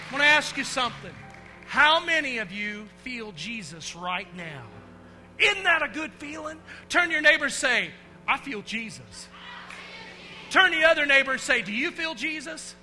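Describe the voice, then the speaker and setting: A man giving a lively children's sermon as a pastor, telling stories with swings from hushed to shouting and calling the kids to answer back. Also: high-pitched, a little hiss or hum. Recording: long hall reverb with faint music.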